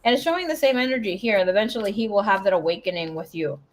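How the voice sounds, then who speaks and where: A woman's voice: mid-range voice, very fast, slight background noise. A woman giving a casual tarot reading in a chatty, blunt way, swearing freely as she talks. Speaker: tarot reader.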